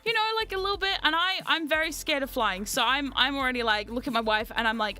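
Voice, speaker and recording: Woman streamer, high and bright, loose and chatty, swears freely, animated storyteller. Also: fast, hardly any pauses, soft background music. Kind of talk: casual storytelling chat.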